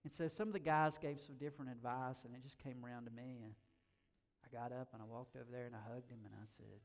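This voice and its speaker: A man's voice: mid-range voice, fairly even intonation, fast talker. A middle-aged man preaching a sermon as a pastor, conversational and emphatic, often repeating words as he goes.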